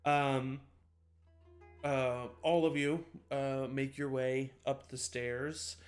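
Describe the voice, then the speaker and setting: A man's voice: medium pitch, flat delivery, extremely slow, faint music behind. A man narrating a tabletop game as game master, loose and full of fillers. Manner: casual, filler-heavy description.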